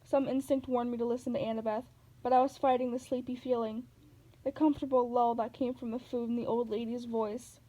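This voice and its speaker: Female narrator, novel read-aloud, warm tone, steady delivery. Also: a little high, fairly quick, muffled recording.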